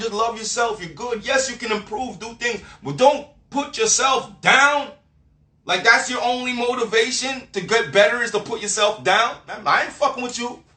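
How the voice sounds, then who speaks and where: A man's voice: high voice, pushed and bright. Profane, preachy man ranting in an echoey room. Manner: emphatic, profane, repetitive, preachy. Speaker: vlogger. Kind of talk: profane casual rant. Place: Miami.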